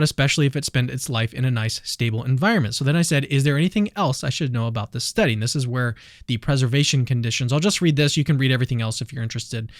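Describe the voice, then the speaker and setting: A man's voice: mid-range voice, no room sound, clean studio sound. A man hosting a channel, reading a paper summary aloud in a casual commentary style, with self-deprecating asides. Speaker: channel host.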